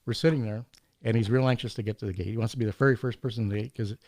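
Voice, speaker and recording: A man telling anecdotes in a casual podcast chat, animated and laughing often, acting out the people in his stories. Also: fairly low pitch, racing, no room sound. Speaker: podcast guest. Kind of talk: casual storytelling.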